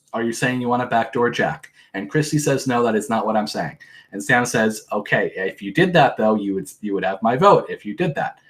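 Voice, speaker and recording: A young man hosting a podcast, recapping events in a casual, rambling way, often exasperated and breaking into mocking impressions. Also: lowish voice. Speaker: podcast host. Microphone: handheld podcast mic.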